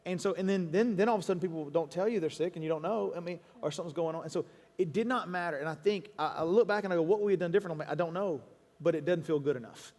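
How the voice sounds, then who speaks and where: A man speaking as a pastor to a congregation in a church auditorium. He is earnest, with quick restarts and quoted asides. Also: a little high, darkish tone. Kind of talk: stage conversation to a congregation. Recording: long hall reverb.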